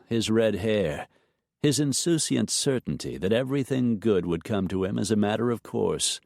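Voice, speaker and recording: Low-voiced male audiobook narrator, unhurried with animated pitch. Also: no room sound, clean studio sound. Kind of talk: scripted narration.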